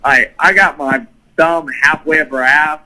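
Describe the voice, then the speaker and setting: Guy telling a dirty party story, bright voice, swears a lot. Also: on the high side, unhurried, rough recording. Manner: animated, profane, laughing storyteller. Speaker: guest storyteller. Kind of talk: crude casual storytelling.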